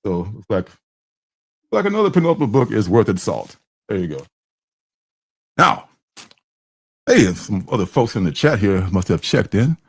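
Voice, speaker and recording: A man's voice: on the low side, big pitch swings, normal speed, pauses often, breathy edge, no echo, clean studio sound. A man hosting a comic book livestream, chatting casually and rambling with fillers and restarts, sometimes acting out characters' lines.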